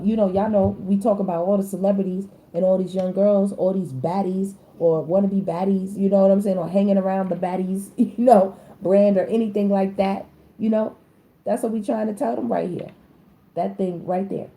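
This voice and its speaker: Blunt slangy woman reading tarot. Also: moderate pace. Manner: animated, slangy, blunt, with sudden high-pitched exclamations. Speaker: tarot reader. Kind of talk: casual spoken tarot reading.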